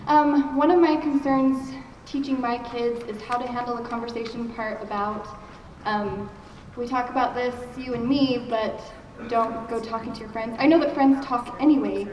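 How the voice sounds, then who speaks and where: A woman's voice: on the high side, steady tone, normal speed, a little mellow. A woman in the audience asking the speaker a hesitant question about parenting, with fillers. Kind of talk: question from the floor. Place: large conference hall. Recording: echoey hall, distant mic, faint noise.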